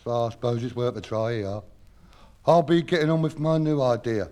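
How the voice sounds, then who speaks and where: An actor playing a dim-witted lowbrow playwright who speaks in ungrammatical, common-sounding sentences, in a 1970s radio comedy sketch. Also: male voice, moderate pace, warm tone, close to an everyday voice.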